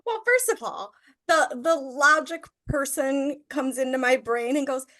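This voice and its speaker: A woman's voice: high-pitched, measured pace, bright, forceful tone. A woman joining a casual movie review chat, joking in a self-deprecating way.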